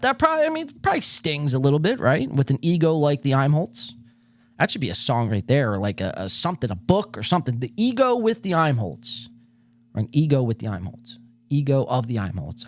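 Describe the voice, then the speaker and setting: Sarcastic man hosting a podcast. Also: a little high. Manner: sarcastic, pausing to rant. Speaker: podcast host. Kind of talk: casual commentary over a played clip.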